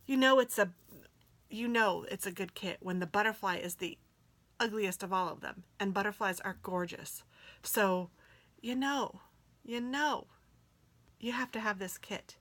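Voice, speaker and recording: Gushing excitable woman unboxing stickers. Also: medium pitch, measured pace, long pauses. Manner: gushing and excitable, drops into soft whispers. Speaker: planner sticker vlogger. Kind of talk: casual unboxing chat.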